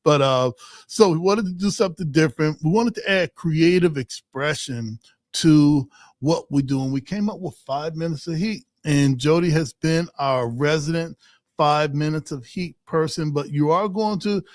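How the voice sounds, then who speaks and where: Upbeat higher-voiced male podcast host. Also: dry recording, clean studio sound. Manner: affirming, quick interjections. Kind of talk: casual podcast chat.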